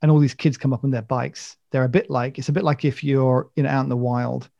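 A man's voice: medium pitch, fairly even intonation, a little fast, vocal fry, dark tone, no echo, lo-fi sound. A man hosting a casual chat, rambling and jokey, telling stories with enthusiasm. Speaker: podcast host.

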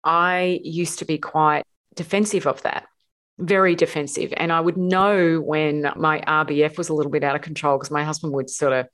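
Low-voiced woman podcast host. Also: fairly bright tone. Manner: emphatic, repeats words for stress. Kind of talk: relationship coaching podcast talk.

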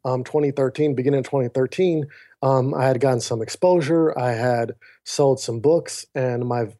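Through a remote call mic, a podcast guest with a mid-range voice and moderate pace recounts something personal. He is earnest and animated, performing the quoted dialogue as he goes.

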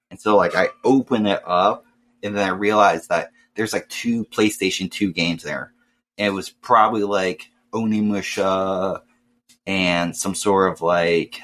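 A young man telling a casual, profane story and acting out loud voices. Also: fairly low pitch. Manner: swears often, acts out voices loudly.

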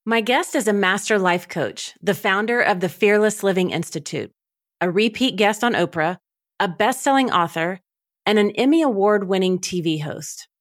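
A woman's voice: medium pitch, animated, moderate pace. A woman hosting an interview, introducing her guest with upbeat enthusiasm. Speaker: podcast host.

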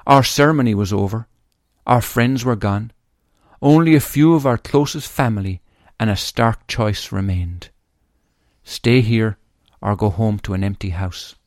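A man's voice: on the low side, a little slow, a little mellow, dry recording, clean studio sound. A man reading aloud from his own memoir in an earnest, grieving way, then talking about it.

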